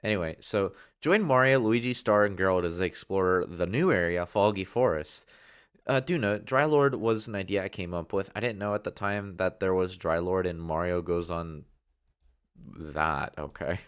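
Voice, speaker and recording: A man casually hosting a gameplay livestream and talking straight to his viewers. His voice sits low, and he rambles loosely with lots of fillers. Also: moderate pace, smooth. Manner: loose, chatty, full of fillers. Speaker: livestream host.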